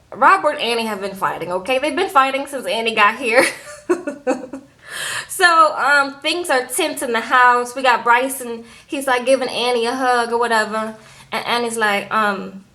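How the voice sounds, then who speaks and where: A young woman recapping a reality show in a casual, animated way, tossing in "okay?" and "girl" as she goes. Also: on the high side.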